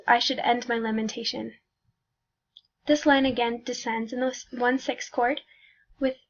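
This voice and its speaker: A woman reading a prepared music analysis aloud, careful and measured, with small slips. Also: sits high. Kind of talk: read academic music analysis. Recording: dull lo-fi recording.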